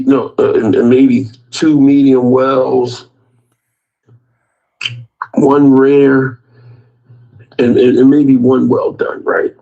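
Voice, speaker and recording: A man telling a story slowly in a casual chat. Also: mid-range voice, creaky, mellow. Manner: slow, drawn-out storytelling with laughs. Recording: dull lo-fi sound.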